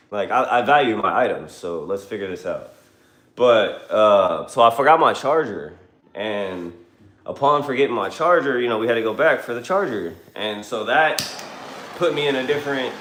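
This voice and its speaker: Livestreaming from a car, a man with a medium-pitched, slightly bright voice tells a long story in a rambling, profane, conversational style. The recording has a roomy echo.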